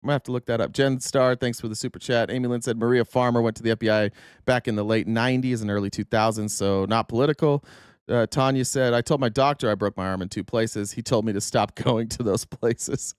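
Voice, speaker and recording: A man's voice: medium pitch, steady tone, fast talker, clean tone, dry recording, clean studio sound. A man hosting a live political talk stream, reading out viewer comments in a blunt, casual way and swearing freely. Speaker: political talk show host.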